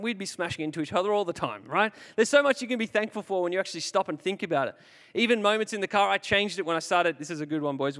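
A man's voice: a little high, fairly bright tone, in a large hall. A young man preaching a casual youth sermon, chatty and self-deprecating, with personal stories. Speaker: youth pastor.

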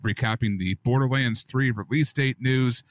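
A man's voice: medium pitch, normal speed. A man hosting a casual gaming podcast, teasing his co-hosts and giving hyped-up introductions. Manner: playful, teasing, hype-style introductions. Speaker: podcast host.

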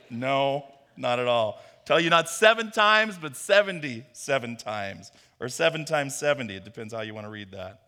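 A man preaching a sermon, telling a parable with animated storytelling and bits of acted dialogue. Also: mid-range voice, normal speed, hardly any pauses. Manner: animated storytelling, acts out Peter's voice. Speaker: pastor. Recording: long hall reverb.

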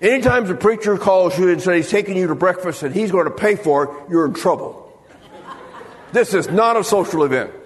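A preacher with a high voice delivers a sermon, spinning funny stories and slipping into the voices of the people he quotes. The sound hangs in the long reverb of a large church hall. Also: expressive, fairly quick. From United States. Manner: storytelling with humor, acting out quoted voices. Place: church sanctuary.

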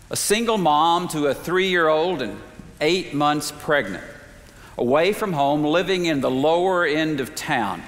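A man preaching a sermon, telling a story in a measured way with slow, emphatic pauses. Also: fairly high pitch, a bit bright. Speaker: pastor. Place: church sanctuary. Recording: reverberant sanctuary.

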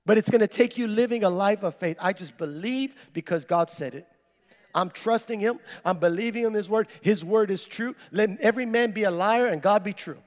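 A man delivers a sermon in a high, lifted voice, turning his testimony into a lively retelling. His words carry a long reverb, like a church sanctuary. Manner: animated storyteller, reenacts his own words. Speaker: preacher. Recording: echoey hall with long reverb.

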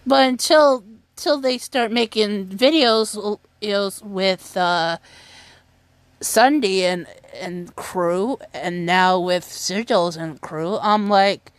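A woman's voice: on the high side, expressive, slow pace, no room sound. A young adult woman hosting her own podcast, chatting casually and rambling with restarts and fillers. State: has the hiccups. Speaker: podcast host. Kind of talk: casual solo podcast chat.

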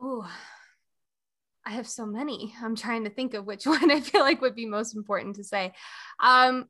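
A woman's voice: a little high, normal speed, bright, forceful tone. A woman, a guest who coaches creatives, talking animatedly in casual conversation and laughing through her points. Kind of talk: casual chat.

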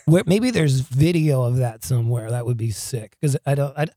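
A man telling wild stories in an interview, excitable and profane, stammering, laughing often and breaking into loud shouts. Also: medium pitch, normal speed, dry recording. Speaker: guest, rock singer. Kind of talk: animated storytelling in an interview.

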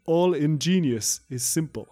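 A man voicing a male email hacker in a deliberately bad Russian accent, reading stiffly and mock-formally. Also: on the high side, lively intonation, warm tone. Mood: mock menacing.

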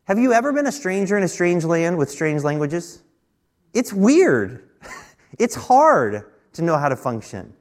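Higher-voiced male pastor telling a story. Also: big pitch swings, a little slow. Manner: conversational storytelling, repeats words when restarting; rises in pitch and force when pressing a point. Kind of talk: sermon.

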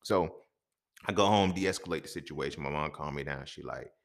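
A man hosting a podcast, telling a story in a casual, profane monologue that swings between loud outbursts and quiet asides. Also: a bass voice, moderate pace, vocal fry. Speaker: podcast host.

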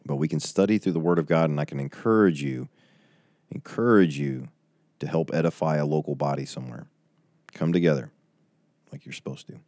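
A man's voice: a bass voice, brisk, pauses often, darkish tone, dry recording, studio quality. A man in his forties wrapping up a livestream Bible study, chatty and tearing up as he reads out viewer comments. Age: 40s.

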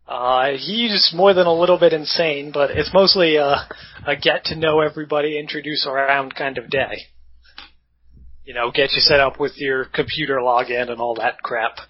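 A man's voice: a little high, steady tone, moderate pace, husky. A man narrating as game master in a laid-back, joking way, with casual swearing. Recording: dull lo-fi audio.

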